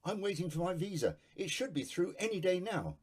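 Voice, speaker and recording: A meek wandering painter, timid and pleading, his raised voice hopping up high as he stammers out excuses, as a man puts him on. The voice stays a bit husky and gentle throughout. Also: big pitch swings, brisk, exaggerated voice. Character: meek homeless male travelling artist, foreign.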